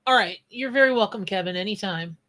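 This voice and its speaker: Psychic lady on a live stream, chatty and scattered, keeps saying hi to the chat mid-sentence, middle pitch. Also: fast, bright, forceful tone. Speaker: tarot reader and psychic. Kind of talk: live-stream reading with chat shout-outs.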